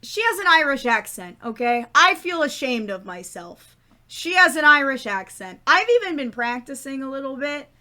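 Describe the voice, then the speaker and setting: Game master, woman, high bright voice, loose and playful narration. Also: sing-song. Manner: playful, swearing, quick asides.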